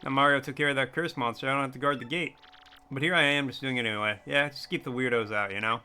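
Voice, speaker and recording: A man's voice: mid-range voice, fast, pushed and bright, faint music behind, voice pushed down. A man voicing a suspicious male gate guard in a video game, speaking bluntly and dismissively.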